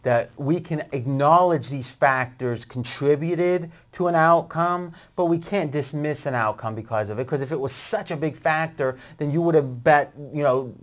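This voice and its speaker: A man's voice: a little high, moderate pace, few pauses. Argumentative male sports betting host. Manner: pushes back and argues his point.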